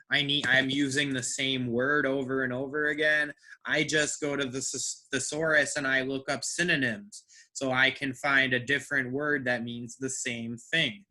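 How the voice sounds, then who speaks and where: A man's voice: mid-range voice, sharp tone. A man teaching an English class, who checks understanding with frequent "right?" and repeats words to drill their stress.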